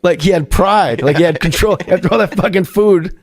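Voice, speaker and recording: A man telling an excited comedy-writing story as a guest in a casual chat, with swearing. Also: high-pitched, a little fast. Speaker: guest, former comedy writer.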